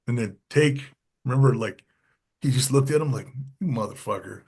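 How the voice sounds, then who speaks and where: A husky-voiced man on a podcast, telling backstage stories in a relaxed, casual way. He slips into a lower, gruffer tone when he quotes other people. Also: moderate pace. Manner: animated, acts out quotes with lowered voice. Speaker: podcast guest, former wrestler. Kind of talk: casual storytelling.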